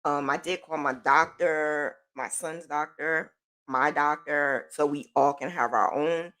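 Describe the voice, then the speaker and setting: A woman's voice: low voice, steady tone, unhurried, fairly bright tone. A middle-aged woman hosting a podcast, telling a personal story in a casual, rambling way with lots of "like" and "um". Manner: chatty, lots of "like" and "um", repeats herself. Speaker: podcast host.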